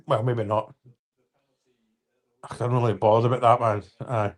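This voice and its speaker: A man's voice: mid-range voice, little pitch movement, moderate pace. A man in his fifties hosting a casual live-stream football chat, rambling with restarts and apologies and talking to viewers by name. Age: 50s.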